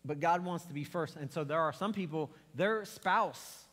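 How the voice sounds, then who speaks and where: A man's voice: on the high side, moderate pace, fairly bright tone, long reverb tail. A middle-aged man preaching a sermon in a church, telling stories and acting out quotes in a conversational way. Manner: conversational storytelling with acted quotes. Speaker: pastor. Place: church sanctuary.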